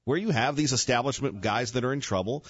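A man's voice: medium pitch, fast talker, breathy edge, no room sound, dull audio. An older man hosting a radio show, chatting casually with jokes and rambling asides. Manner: joking, rambling, self-interrupting. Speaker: radio host. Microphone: studio microphone.

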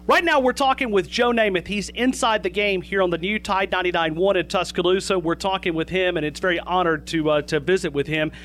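A man's voice: sits high, brisk, hardly any pauses, fairly bright tone, a little hiss or hum. A man hosting a sports radio show, introducing and questioning his guest with some filler uhs.

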